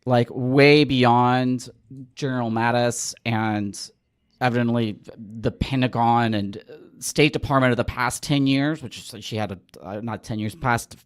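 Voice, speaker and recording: A man's voice: medium pitch, steady tone, unhurried, smooth, dry recording, studio quality. A man hosting a podcast, chatting casually and telling stories with a wry edge. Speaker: podcast host.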